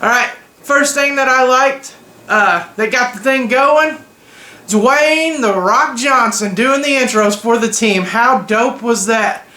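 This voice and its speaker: A man's voice: extremely high pitch, unhurried, sharp tone, roomy sound. A young man giving opinionated, joking reactions in a casual, slangy vlog. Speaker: vlogger.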